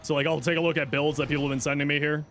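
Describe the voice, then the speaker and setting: While gaming on a live stream, this man chats casually, reading out viewer questions before tossing off answers with jokes. His voice is on the high side, level in tone, a little bright, and he talks at a racing pace.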